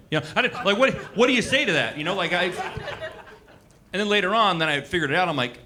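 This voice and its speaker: A man's voice: mid-range voice, expressive, a little fast, bright, forceful tone. A man in his forties doing a loose, conversational stand-up set on a club stage, with lots of likes and asides. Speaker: stand-up comedian. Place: comedy club stage with live audience.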